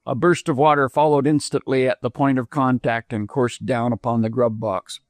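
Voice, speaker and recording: A man narrating an audiobook with measured, expressive reading. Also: mid-range voice, no room sound. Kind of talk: scripted narration.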